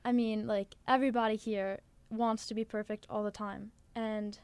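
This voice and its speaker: A woman's voice: medium pitch, flat delivery, normal speed, a little mellow, clean tone, no room sound. A teenage girl from New Jersey co-hosting a podcast, chatting earnestly with lots of "like" fillers. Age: teens. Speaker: podcast co-host. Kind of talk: casual chat.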